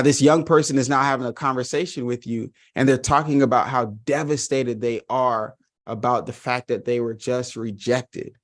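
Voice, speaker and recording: A man giving an online training session, speaking earnestly and emphatically, and addressing his listeners directly. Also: mid-range voice.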